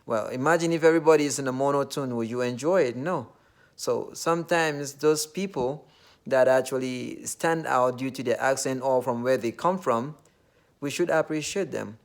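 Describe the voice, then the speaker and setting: At normal speed and in a mid-range voice, a man from Nigeria talks earnestly in a relaxed monologue. His Nigerian accent is clear, and his phrasing wanders, full of filler words.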